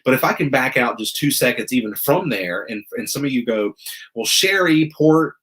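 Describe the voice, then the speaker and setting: A man's voice: medium pitch, fairly quick, fairly bright tone. A man from the American South hosting a casual wine show, explaining with rambling restarts and jokey asides.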